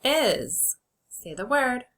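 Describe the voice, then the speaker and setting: A woman teacher leading an early reading lesson for children, sounding out words slowly and clearly and encouraging them as friends. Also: a little high, big pitch swings, fairly bright tone, low-quality recording.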